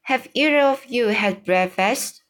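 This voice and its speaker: A composed, dignified queen with formal speech, as a woman reads her part. Her lines come slowly and evenly. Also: fairly high pitch, voice pushed up, close to an everyday voice.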